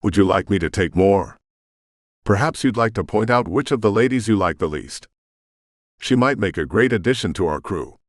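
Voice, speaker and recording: A man's voice: lowish voice, expressive, normal speed, no echo, clean studio sound, natural voice. A man voicing a charming male pirate leader who issues polite threats. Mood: menacing, polite.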